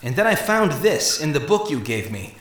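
A man's voice: a little high, very animated, moderate pace, reverberant. A man voicing a dejected, pleading man. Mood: earnest. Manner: quiet, earnest, pleading. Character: dejected bent-over man, pleading and earnest.

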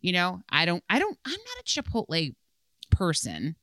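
A woman's voice: on the low side, wildly swooping pitch, normal speed, a bit bright, dry recording. A young adult woman co-hosting a podcast in casual chat, laughing often and repeating words as she thinks. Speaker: podcast co-host.

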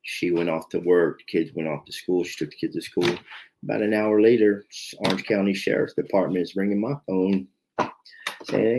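A very deep-voiced man in his fifties from South Jersey tells his own story of addiction and recovery. He speaks haltingly, circling back with fillers and repeated words, over a faint hiss. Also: fairly even intonation. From South Jersey, USA. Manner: halting, repetitive, many "you know" fillers. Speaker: podcast guest in recovery. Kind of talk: confessional personal storytelling.

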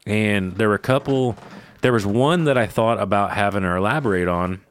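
Low-voiced man telling a story candidly. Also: a little fast, clean tone. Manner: candid, swears freely, emotional retelling. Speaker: podcast co-host. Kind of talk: casual storytelling chat.

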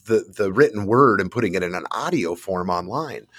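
A man's voice: on the low side, expressive, a little fast, a bit bright, no room sound, clean studio sound. A man appearing as a guest on a podcast, bantering good-naturedly and laughing often. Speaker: guest, publishing executive. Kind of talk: casual interview chat.

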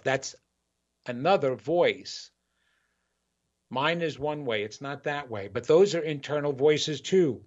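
A man's voice: a little high, expressive, takes it slowly, pauses often. A man hosting a spiritual talk show, speaking earnestly and repeating phrases to build emphasis in a motivational address. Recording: dull lo-fi recording.

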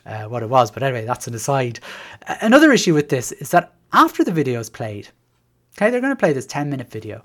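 An Irish man, a teacher hosting a podcast, talking in a rambling, sardonic monologue full of restarts. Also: mid-range voice. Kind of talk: casual monologue.

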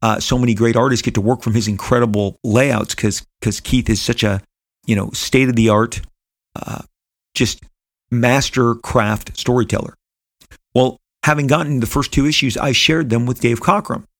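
A man's voice: medium pitch, steady tone, moderate pace, dry recording. A middle-aged man, a comic book creator, telling a personal story in an earnest, rambling way with frequent restarts.

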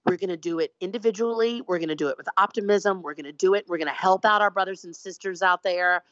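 A woman's voice: on the low side, fast talker, fairly bright tone, no echo. Mouthy woman artist, swears a lot, kinda muffled lo-fi sound. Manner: profane, brash, emphatic. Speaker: interview guest, artist. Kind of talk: casual conversational interview. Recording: dull lo-fi dry sound.

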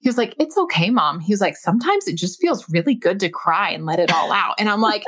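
A woman in her thirties hosting an interview, speaking with animated enthusiasm. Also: mid-range voice, fast talker, slightly rough. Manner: warm, animated, enthusiastic storytelling. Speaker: host. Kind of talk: casual interview chat.

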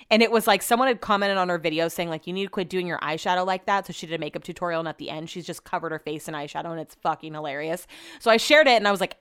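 Chatty young woman with a smooth voice. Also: medium pitch, a bit bright. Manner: chatty, rambling, lots of "like" and asides. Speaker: podcast host. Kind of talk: casual chat to camera.

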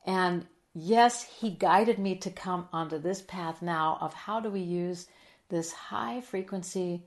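A middle-aged woman in a heartfelt interview, telling a personal story with earnest emotion, sometimes dropping soft and quiet. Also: on the low side, slow. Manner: earnest and emotional, drops soft and quiet, then lively when quoting. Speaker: guest.

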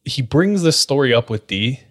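A man's voice: mid-range voice, moderate pace. A man hosting a podcast, casually retelling a spooky account and leaning on "like" as a filler. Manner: relaxed retelling full of likes. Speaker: podcast host. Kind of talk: casual storytelling.

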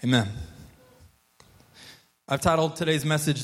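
A man's voice: a little high, fairly even intonation, moderate pace. A man preaching a sermon as pastor, in a loose, conversational way, often restarting and repeating words and prompting the congregation to respond. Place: church sanctuary. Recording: long hall reverb.

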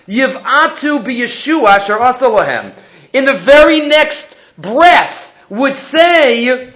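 A man teaching a Torah portion class, animated and full of rhetorical questions, mixing Hebrew terms into his English. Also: very high-pitched, unhurried, poor audio.

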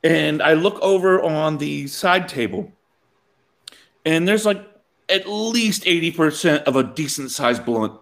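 Man, casual storytelling, animated, fairly high voice, lots of pitch movement, laughing asides. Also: unhurried, gravelly. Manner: animated, quotes people in his story, laughs often.

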